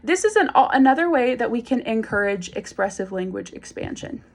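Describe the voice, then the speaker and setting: Woman giving clear parent instructions. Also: fairly high pitch, expressive, normal speed. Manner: clear and encouraging, demonstrating phrases with exaggerated emphasis. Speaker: speech and language instructor.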